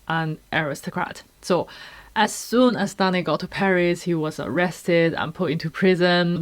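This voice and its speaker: A woman discussing a classic novel in a casual, thoughtful and explanatory way, adding careful disclaimers. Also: on the low side. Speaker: book reviewer.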